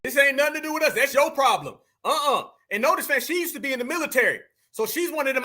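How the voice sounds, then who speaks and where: A man with a high, bright voice hosts a commentary channel. He reacts to clips in an emphatic, dismissive way and talks in slang. His delivery is pointed and forceful. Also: expressive, quick pace, hardly any pauses.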